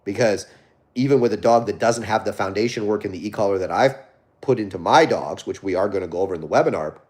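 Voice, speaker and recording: A man's voice: lowish voice, fast, a little mellow. A man, a dog trainer, hosting a casual live stream where he reads viewer questions and answers them, often tagging his points with "right?".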